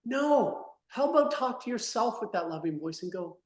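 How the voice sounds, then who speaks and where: A man talking as a guest in an interview, animated and emphatic, swinging between loud bursts and soft asides. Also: high voice, moderate pace, few pauses, reverberant. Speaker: podcast guest, company founder. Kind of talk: energetic interview talk.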